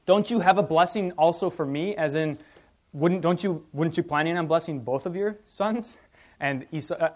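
A man teaching a Bible class, reading passages aloud with emphasis and asking the group questions in a conversational way. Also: a little high.

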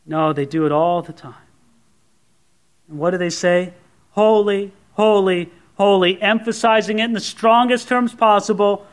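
Male pastor, high voice, earnest teaching sermon delivery. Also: a little slow. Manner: earnest teaching, repeats words for emphasis. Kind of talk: expository sermon.

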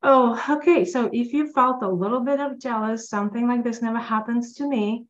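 A woman guest on a podcast, chatting enthusiastically and telling animated stories. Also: fairly high pitch, normal speed, muffled recording. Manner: enthusiastic, upbeat, animated storytelling. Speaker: podcast guest, tax accountant. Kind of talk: casual interview talk.

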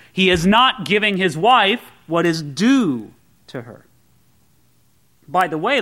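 A man's voice: sits high, bright, forceful tone. A man preaching a sermon to a congregation, earnest and emphatic, with pointed rhetorical questions. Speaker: pastor.

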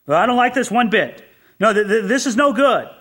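A man's voice: high voice, expressive, normal speed, voice pushed up. A man doing a flustered, weak-willed old king. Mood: fussing.

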